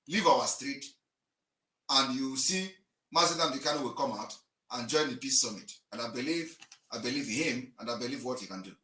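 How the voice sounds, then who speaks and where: A man giving an impassioned political address, emphatic and declaiming, swinging between loud and quiet. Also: medium pitch, normal speed. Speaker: livestream broadcaster. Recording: echoey room, distant mic.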